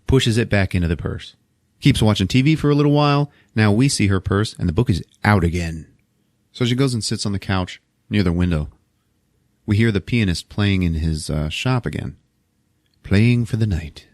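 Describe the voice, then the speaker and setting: A man's voice: fairly low pitch, moderate pace, no room sound, studio quality. A man hosting a podcast, casually retelling a movie plot with lots of swearing. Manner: animated, profane storytelling. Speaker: podcast host.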